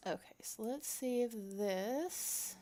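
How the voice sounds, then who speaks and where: Speaking slowly in a slightly high, mellow and animated voice, a middle-aged content creator chats with her viewers as she works on her computer at home. Her cat is nearby, and she rambles, talks to herself, and fills gaps with lots of fillers.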